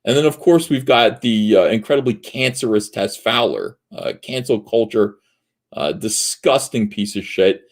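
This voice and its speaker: A man hosting a livestream, ranting in a heated, profane way with many filler pauses. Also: fairly low pitch, expressive. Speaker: livestream host. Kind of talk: livestream commentary rant.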